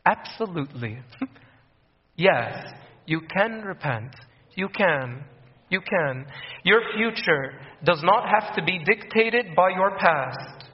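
A man's voice: high-pitched, lively intonation, slow pace. A man preaching a sermon, earnest, repeating key phrases and acting out the voices of people in his stories. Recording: echoey room, dull lo-fi sound.

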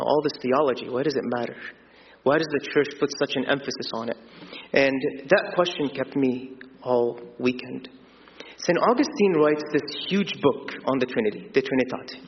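A man's voice: mid-range voice, a little hiss or hum. Man preaching in an echoing church. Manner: earnest, with spoken fillers and restarts. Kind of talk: sermon. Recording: dull sound in a long reverberant church hall.

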